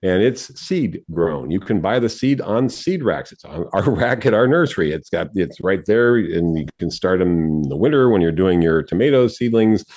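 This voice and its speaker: A man's voice: sits low, lively intonation, moderate pace, hardly any pauses, darkish tone. A man co-hosting a radio garden show, giving friendly, explanatory advice and chuckling often.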